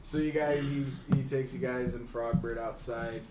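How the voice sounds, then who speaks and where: A man narrating as game master in a rambling, halting way full of ums. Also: mid-range voice, fairly even intonation. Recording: roomy, distant mic, noisy.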